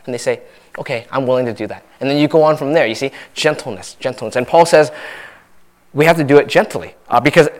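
A man preaching a sermon in a conversational way, often restarting and asking "right?". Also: mid-range voice. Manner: conversational, many restarts and tag questions. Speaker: pastor.

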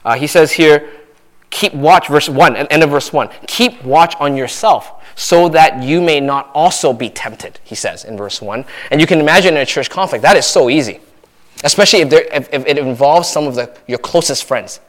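A man's voice: on the high side, moderate pace, a bit bright. A man preaching a sermon in a conversational way, often restarting and asking "right?". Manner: conversational, many restarts and tag questions. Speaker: pastor.

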